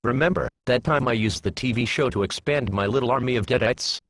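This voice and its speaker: A man's voice: mid-range voice, a little fast, a bit bright, close to an everyday voice. A mocking changeling queen, as a man reads her. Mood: taunting. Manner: taunting, mocking. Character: cruel female insect-like changeling queen. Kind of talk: fan fiction reading.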